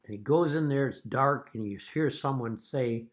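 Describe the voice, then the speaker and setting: A man with an ordinary middle-pitched voice talks straight to the camera as a father addressing his children. He is earnest and deliberate, pointed in his accusations, and at times he falls into a dry joke-telling aside. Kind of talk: direct-to-camera video message.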